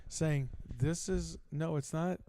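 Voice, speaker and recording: A man's voice: on the high side, fairly even intonation, slow pace, warm tone. A middle-aged man co-hosting a sports talk show, telling a long story in casual chat and acting out both sides of the conversations. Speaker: podcast co-host.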